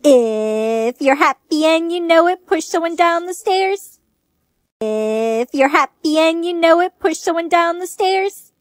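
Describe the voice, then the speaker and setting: A teenage girl chanting the rules of a deadly game , in a synthetic woman's text-to-speech voice. The voice is very high and flat, like a machine reading in sing-song. It sounds completely dry and close. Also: unhurried, no echo.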